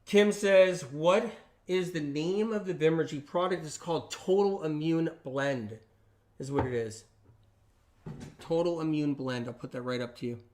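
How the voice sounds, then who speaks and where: High-voiced man talking emphatically. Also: unhurried, a little hiss or hum. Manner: emphatic and repetitive, with frequent tag questions; acts out quoted friends in lively voices. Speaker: health channel host on a livestream. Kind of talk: casual livestream talk.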